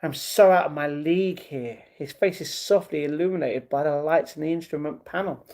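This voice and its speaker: Brief: male streamer reading aloud, casual and stumbling, mellow tone. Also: on the high side, moderate pace. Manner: stumbling reading with laughing asides. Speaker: livestream host. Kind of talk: reading a novel aloud on a livestream.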